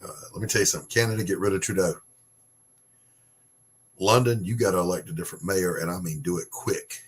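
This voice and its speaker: A man's voice: deep voice, fairly even intonation, fast, slightly rough. A man hosting a casual opinion monologue, ranting bluntly and sarcastically, with swearing. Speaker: podcast host.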